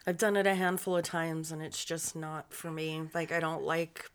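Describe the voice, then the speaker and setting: A woman's voice: deep voice, level tone, moderate pace, smooth. Profane, joking woman podcast host. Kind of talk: casual chat.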